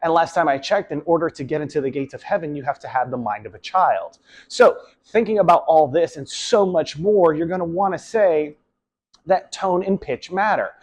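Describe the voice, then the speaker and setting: A young male video host with a fairly high voice talks to camera at a moderate pace. He casually rambles through advice, often trailing off with "so on and so forth."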